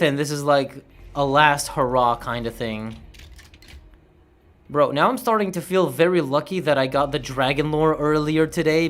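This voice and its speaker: A man's voice: fairly high pitch, fairly bright tone. A man chatting casually on a livestream, laid-back, swearing and tripping over words.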